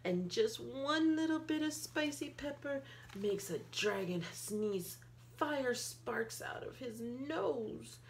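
A woman reading a picture book aloud to a child, playful, with gasps and excited outbursts. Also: on the high side, slow pace, slight background noise. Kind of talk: animated read-aloud storytelling.

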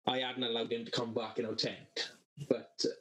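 A man co-hosting a podcast, telling a long anecdote in a loose, sweary, rambling way. His pitch sits in an ordinary middle range, and he chats among friends. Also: level tone, normal speed, fairly bright tone, rough recording. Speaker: podcast co-host. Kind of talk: casual storytelling among friends.

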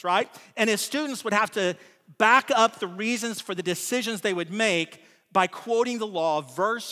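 In a church hall, a pastor with a high, sharp voice preaches a sermon in a conversational style, often tacking on "right?" to check in with listeners. The sound carries the feel of a big room.

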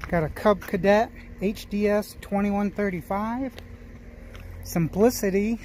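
A man's voice: sits high, a little slow, darkish tone, slight background noise. A man hosting his own channel, chatting and musing aloud in casual commentary as he walks through an outdoor equipment auction yard. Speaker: small-engine flipping channel host.

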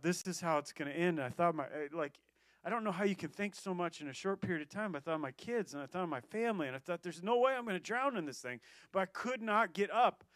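A man with a high voice preaches a sermon and tells his story with energy, stumbling over his words and pushing on. The sound is dry and close, with no room around it. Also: no room sound. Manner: storytelling, animated, quick restarts and laughs. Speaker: pastor.

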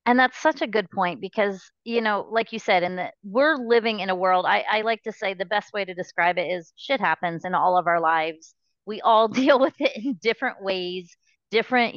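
A woman hosts a podcast in a casual interview chat, rambling and chatty, with frequent restarts and "you know." Her medium-pitched voice is a bit bright, at normal speed. The recording is dry and muffled.

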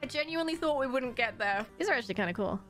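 A woman's voice: high-pitched, animated, racing, a bit bright, soft background music. A young woman in her twenties chatting casually on a charity livestream, bubbly and self-mocking, laughing often. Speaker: streamer hosting a charity stream.

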